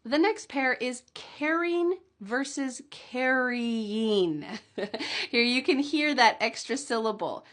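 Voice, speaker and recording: A woman teaching English pronunciation at an unhurried pace, stretching each model word out so learners can repeat it. Her voice sits a little high, and small light laughs come between the drills. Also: animated, a bit bright. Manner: slow, drawn-out model words with light laughs. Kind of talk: pronunciation lesson.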